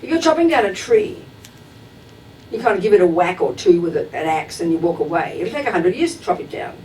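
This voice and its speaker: Woman Buddhist teacher, direct and emphatic, miked from a distance over a faint rumble. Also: sing-song, brisk, a little mellow. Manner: direct and emphatic, acts out everyday examples. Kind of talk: dharma talk to a class. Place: teaching hall at a Buddhist center.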